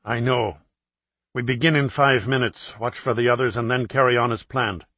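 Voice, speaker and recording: A man's voice: medium pitch, steady tone, moderate pace, sharp tone, no echo. A man reading an audiobook voices a terse leader of an armed gang, giving curt commands. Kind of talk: audiobook character voice.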